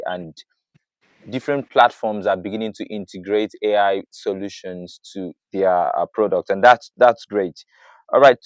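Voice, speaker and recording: A man's voice: on the low side, no echo. A man hosting an online panel, affirming answers and posing questions. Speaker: panel host.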